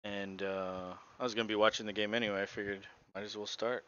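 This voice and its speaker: A man's voice: on the low side, flat delivery, fast, a bit bright, smooth, highs cut off. A man co-hosting a casual play-by-play show, talking through the game with sarcastic asides. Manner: laid-back, sarcastic asides. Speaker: podcast co-host.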